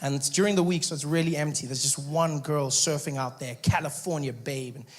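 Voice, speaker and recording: A man's voice: on the high side, fairly even intonation, a little fast. A man from South Africa with a South African accent, performing stand-up comedy and acting out the people in his story. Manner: storytelling with acted-out voices and asides.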